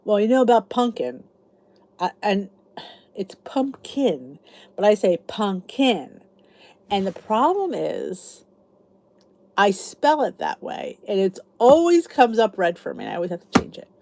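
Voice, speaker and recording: A middle-aged woman from the Philadelphia area talks in a relaxed, rambling way to the viewers of her live stream. She has a Philly accent, a mellow, warm tone and a voice that swings up and down a lot as she reads out comments and answers them. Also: medium pitch, moderate pace. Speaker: YouTube channel host. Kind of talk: casual chat with live viewers.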